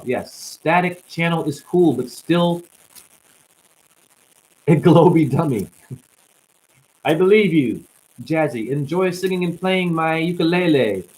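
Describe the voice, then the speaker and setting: A man hosting a rambling livestream, preaching and joking by turns, with loud outbursts that drop to low mutters. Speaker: livestream host. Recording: crackling static on the line.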